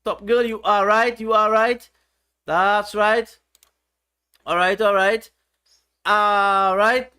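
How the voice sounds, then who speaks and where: A man's voice: high voice, fairly even intonation, takes it slowly, pauses often, bright, forceful tone, clean tone. A man hosting a casual livestream, reading viewers' chat aloud in a playful, teasing way. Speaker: livestream host.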